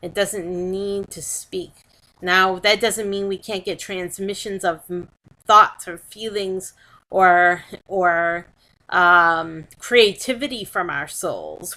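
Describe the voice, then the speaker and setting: Slow, bright-voiced woman giving a spiritual talk. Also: medium pitch, poor audio. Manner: slow and measured, repeating and restarting phrases. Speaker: spiritual teacher.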